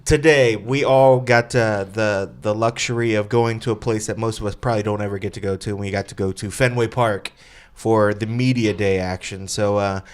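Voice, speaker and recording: A man hosting a relaxed panel show, trading jokes with his guests. He talks in a plain, easygoing way, steering the conversation with loose, friendly questions. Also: fairly low pitch, normal speed, hardly any pauses. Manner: joking, easygoing moderator. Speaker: podcast host. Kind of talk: casual panel chat.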